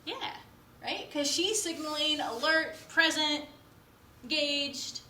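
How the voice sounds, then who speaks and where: A woman teaching a class, talking very quickly and animatedly and often checking in with "right?". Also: sits high. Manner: fast-talking, animated, keeps asking "right?". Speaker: instructor. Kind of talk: classroom lecture. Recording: echoey classroom, faint noise.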